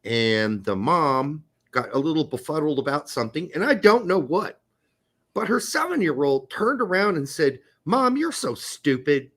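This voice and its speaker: A man's voice: on the high side, expressive, moderate pace, fairly bright tone. A middle-aged man from Indiana, co-hosting a podcast and telling stories in a blunt, profane, casual way. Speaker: podcast co-host. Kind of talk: casual chat.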